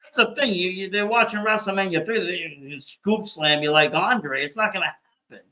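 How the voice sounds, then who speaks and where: A man's voice: sits high, moderate pace, bright, forceful tone. A man hosting a podcast, chiming in with profane reactions in casual chat. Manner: reactive, profane back-and-forth. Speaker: podcast host.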